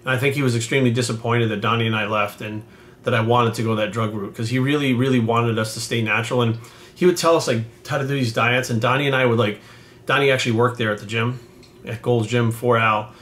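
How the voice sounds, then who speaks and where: A man in his forties talks to the camera like a coach recalling a mentor. His storytelling is loose and rambling, salted with swearing, and earnest underneath. His pitch sits in the ordinary middle range for a man. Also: steady tone, fast talker, a bit bright. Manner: profane, rambling, heartfelt. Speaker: bodybuilding coach.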